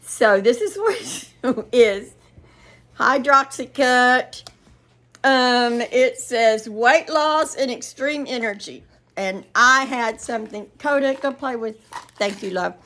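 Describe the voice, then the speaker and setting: A woman's voice: fairly high pitch, slow pace, fairly bright tone. An older woman hosting a casual vlog, telling a rambling story and giggling often as she talks to her viewers. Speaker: vlog host.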